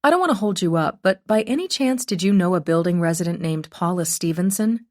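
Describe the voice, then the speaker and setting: A woman's voice: on the low side, expressive, brisk, a little mellow, lightly acted. A woman voicing a polite, eager young woman. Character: earnest young woman asking questions about a dead neighbor.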